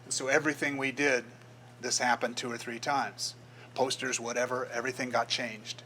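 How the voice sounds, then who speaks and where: An older man gives a relaxed talk to a club about his design work, slipping into the voices of the people in his stories. His voice is bright and forward, at an ordinary pitch. A faint hiss of background noise sits under the recording. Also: normal speed, poor audio. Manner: storytelling, acts out quoted voices. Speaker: guest speaker, graphic designer. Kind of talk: casual presentation to a club. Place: meeting room.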